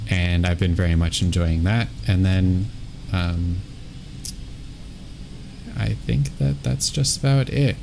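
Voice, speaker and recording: A man's voice: low voice, takes it slowly, creaky, long pauses, background noise. A man hosting a gaming livestream in casual chat, talking hesitantly with many ums and restarts. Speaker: streamer host.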